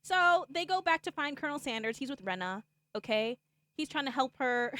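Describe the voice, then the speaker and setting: A woman streamer casually walks viewers through a game's story, rambling with plenty of "like" and "okay?" and acting out what the characters say. Her voice sits high and is expressive, pushed and bright, at normal speed, with no room sound.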